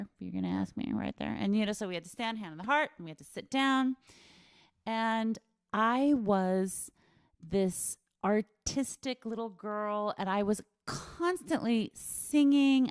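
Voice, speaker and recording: A woman's voice: medium pitch, clean tone, no echo. Dry-voiced woman telling school stories. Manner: lively storytelling, laughs often, reads viewer comments aloud. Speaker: guest. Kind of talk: casual chat.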